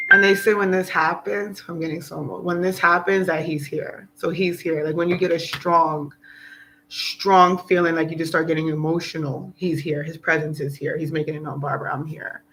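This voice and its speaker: An earnest woman speaks in a loose, rambling vlog monologue, her voice gravelly and bright-edged. She sounds emotional and turns preachy at times. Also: lowish voice, a little hiss or hum, poor audio. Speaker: spiritual vlogger. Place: outdoors in South Florida.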